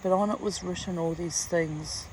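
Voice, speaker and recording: A woman's voice: lowish voice, steady tone, moderate pace, darkish tone, slight background noise, poor audio. An older woman in a casual vlog, telling a story bluntly and with lots of swearing, speaking outdoors in a garden. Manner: blunt, profane, emphatic storytelling. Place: outdoors in a garden under a tree.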